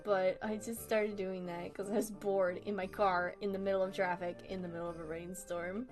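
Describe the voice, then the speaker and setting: A woman's voice: mid-range voice, level tone, normal speed, few pauses, darkish tone, faint music behind. A woman streaming herself drawing, chatting casually with viewers, giggly and rambling, often laughing at herself. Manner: giggly, rambling, self-deprecating. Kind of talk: casual livestream chat.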